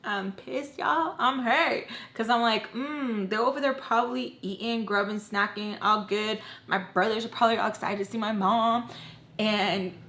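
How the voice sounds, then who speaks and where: Young woman doing a storytime vlog, casual and slangy, gets loud then drops to a mutter, swears a lot. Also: fairly high pitch, moderate pace, hardly any pauses, reverberant. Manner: emotional, swings from quiet to loud; cursing, slangy and animated. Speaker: storytime vlogger.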